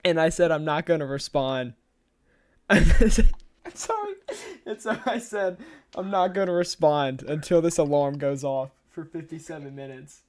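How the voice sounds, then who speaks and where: A man's voice: on the high side, measured pace. A young man on a podcast, casually rambling through a story and laughing often as he talks. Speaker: podcast co-host.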